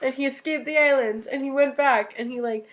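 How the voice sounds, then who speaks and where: A young woman co-hosting a podcast, telling history in a casual, animated way, swearing freely. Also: high voice, brisk. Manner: animated storyteller who swears and acts out quotes. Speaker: podcast co-host.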